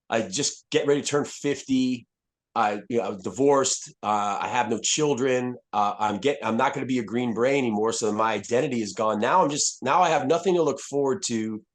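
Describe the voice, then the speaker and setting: A retired soldier in his fifties appears as a podcast guest, telling his story candidly in a blunt, profane way with many restarts. His voice sits in the mid range.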